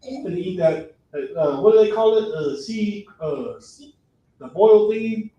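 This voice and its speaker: A man teaching a religious class in a classroom, animated and acting out people's reactions with mock voices. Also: sits high, a little slow, muffled recording. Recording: echoey room, far from the mic.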